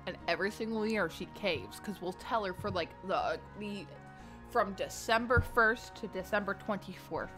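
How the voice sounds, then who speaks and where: A woman's voice: mid-range voice, moderate pace, over music. Casual young woman streamer telling stories. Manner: rambling, animated storytelling with filler words. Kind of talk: casual storytelling chat.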